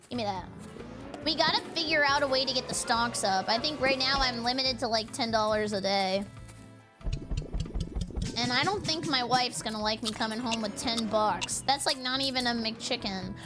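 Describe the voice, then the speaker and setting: A woman streamer giving playful, excitable commentary while she plays a game, breaking into yelps and giggles. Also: a little high, measured pace, long pauses, over music. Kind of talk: casual gameplay commentary.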